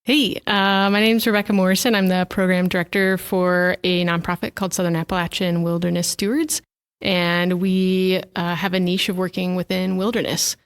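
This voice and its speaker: A woman's voice: fairly low pitch, flat delivery, moderate pace, smooth. A woman who directs a nonprofit program introducing herself in a matter-of-fact way. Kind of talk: casual self-introduction.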